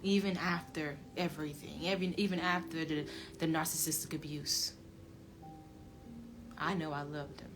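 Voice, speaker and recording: A woman with a lowish voice tells a personal story, swinging from low muttering to loud, emphatic outbursts. Her delivery is emotional and casual. Music plays clearly under her voice. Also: steady tone, normal speed.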